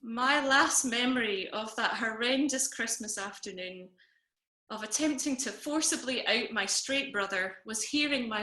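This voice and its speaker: Bright, wry woman telling a funny story. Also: on the high side, roomy sound. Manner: wry, self-deprecating comic storytelling. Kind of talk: personal story told to an online audience. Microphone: video call.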